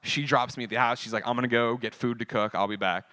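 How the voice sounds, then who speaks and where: A man speaking at a convention panel, telling a personal story in an animated, profane way and acting out the dialogue. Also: medium pitch, quick pace, no echo.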